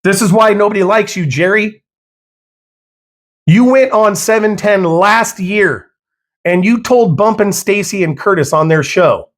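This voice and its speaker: A man with a slightly high voice rants angrily into his podcast mic. He swears freely and talks in a heated monologue. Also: unhurried, a bit bright. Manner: angry, profane ranting. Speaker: podcast host.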